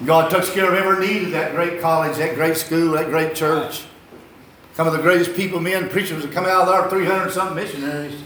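A man's voice: a little high, fairly even intonation, fairly quick, a bit bright, slight background noise. An older man preaching a sermon, telling folksy, rambling stories and repeating his phrases. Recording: echoey hall.

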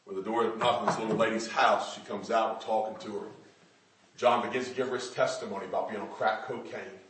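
A man preaching a sermon with fervour, building up to loud shouts. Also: lowish voice, fairly even intonation, fairly quick, slight background noise. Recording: echoey room, distant mic.

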